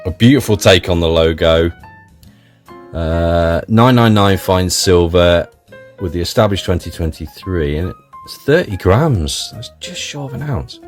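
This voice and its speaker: A British man with a fairly low voice chats his way through an unboxing, excited and talkative. Faint music plays quietly behind him. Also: unhurried. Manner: enthusiastic and chatty. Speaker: viewer unboxing a parcel. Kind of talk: casual unboxing commentary.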